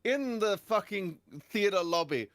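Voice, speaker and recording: A young man tells a comic story on a casual podcast panel. He swears often, and his voice swings widely in pitch and loudness. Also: a little slow, no room sound. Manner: animated, profane, big swings in pitch and volume. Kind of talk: comedic storytelling in casual chat.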